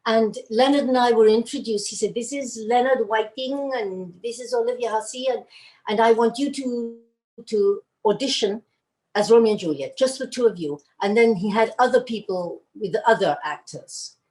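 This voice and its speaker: An older woman, an actress, recounting her early career in a rambling, animated way, acting out the lines she quotes. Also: a little high, normal speed, rough recording. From Argentina. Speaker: actress telling career stories. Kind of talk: casual storytelling.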